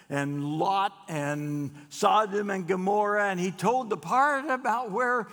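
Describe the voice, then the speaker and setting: Gravelly man telling folksy jokes. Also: high voice, a bit bright. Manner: chatty, drawn-out pauses, self-interrupting restarts. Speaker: speaker telling jokes to a seniors' gathering. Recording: long hall reverb.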